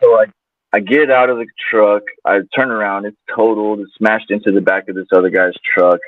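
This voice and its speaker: A man's voice: on the low side, steady tone, a little fast, no room sound. A man guest telling a personal story in a loose, casual way, full of fillers. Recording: tinny phone-like line, dry.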